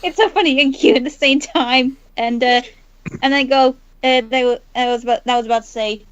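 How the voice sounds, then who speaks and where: Giggly, hesitant, high-voiced woman. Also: steady tone, fairly quick, clean tone, no room sound, lo-fi sound. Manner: giggly, hesitant, stumbles over words. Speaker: podcast guest. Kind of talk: casual podcast chat.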